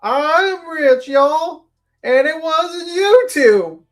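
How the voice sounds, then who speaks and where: A woman's voice: expressive, very slow, heavily acted. A woman putting on an exaggerated Southern US accent to mock a rambling man. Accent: put-on Southern US. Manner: exaggerated, high, shouty mockery.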